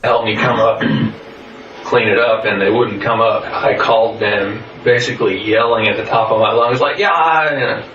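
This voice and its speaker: A man giving a recorded statement in a flat, halting way, full of pauses and fillers. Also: fairly low pitch, a little hiss or hum. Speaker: interviewee. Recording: muffled, roomy, distant recording.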